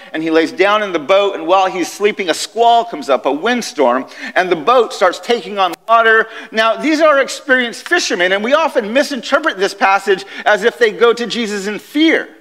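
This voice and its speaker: High-voiced man preaching in an echoey chapel. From United States. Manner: animated storytelling, conversational. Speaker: guest chapel speaker. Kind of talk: sermon. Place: university chapel.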